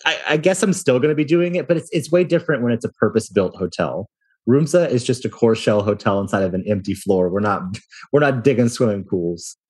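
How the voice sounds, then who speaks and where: A man's voice: medium pitch, brisk, a little mellow, husky. A man in his thirties, a hotel company founder, telling self-deprecating stories in a casual interview and laughing often.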